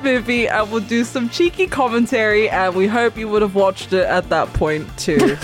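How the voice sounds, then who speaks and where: A woman co-hosting a podcast in casual chat, excitable, laughing often and swearing. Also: mid-range voice, moderate pace, soft background music. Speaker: podcast co-host.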